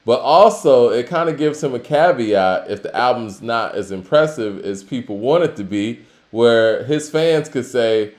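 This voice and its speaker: A man's voice: mid-range voice, expressive, measured pace, few pauses, darkish tone, echoey room. A man co-hosting a casual talk show, musing conversationally with lots of filler phrases. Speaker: podcast co-host. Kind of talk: casual hip-hop discussion.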